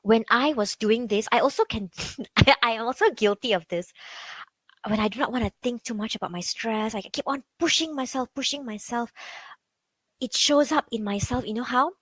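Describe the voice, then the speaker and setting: A woman with a Malaysian English accent gives a chatty, conversational online talk as a psychology coach, often saying "like" and asking her listeners questions. Her voice is a little high and a bit bright at a normal speed. The audio is poor but has no echo.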